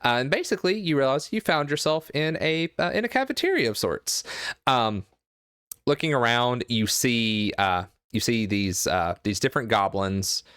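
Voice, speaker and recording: A man narrating a tabletop game as game master, halting with many fillers and restarts. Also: mid-range voice, expressive, fairly bright tone, clean tone, no echo, studio quality.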